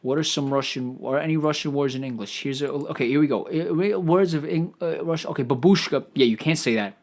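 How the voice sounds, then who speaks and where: Guy rambling solo on his podcast, kinda high voice, swears a lot, trips over his words. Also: a little fast. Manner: profane, stammering, riffing on ideas aloud. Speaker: podcast host.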